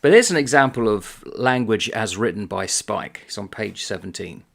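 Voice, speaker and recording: A man's voice: on the low side, normal speed, creaky, hardly any pauses. A man chatting casually about a book he is reviewing, reading passages aloud in a conversational manner.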